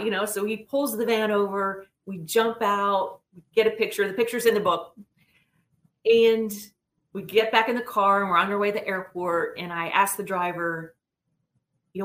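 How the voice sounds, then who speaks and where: A middle-aged woman telling a personal story in an earnest, animated way as an interview guest. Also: mid-range voice, normal speed. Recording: roomy echo.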